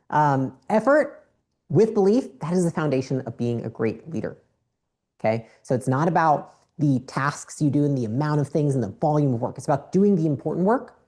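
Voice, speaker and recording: A woman's voice: deep voice, dark tone. A woman giving a blunt, profane motivational business talk on stage with a handheld mic. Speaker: business speaker.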